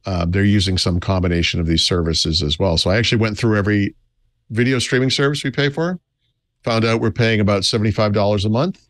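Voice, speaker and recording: A middle-aged man co-hosting a tech podcast in casual chat, talking in halting bursts full of restarts and self-corrections. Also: on the low side, dry recording, studio quality. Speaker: co-host.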